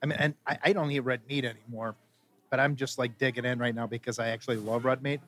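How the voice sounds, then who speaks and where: A man's voice: mid-range voice, fairly even intonation, fast talker, a bit bright. A man co-hosting a food review show, enthusiastic and jokey in casual chat.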